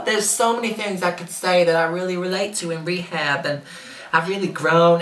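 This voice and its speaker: A crude, boastful trashy Southern mama, played by a woman in a comedy sketch. Her low voice still sounds bright and forceful. The room around her is echoey. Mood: mock-earnest. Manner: brash, crude, deadpan boasting. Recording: roomy echo.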